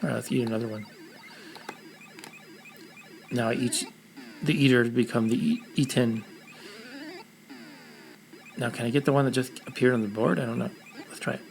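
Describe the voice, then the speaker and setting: Gravelly New York man streaming games. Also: mid-range voice, steady tone, moderate pace, pauses often, slight background noise, low-quality recording. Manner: chatty, easygoing, thinks aloud as he plays. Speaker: retro game streamer. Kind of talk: casual live-stream commentary while playing.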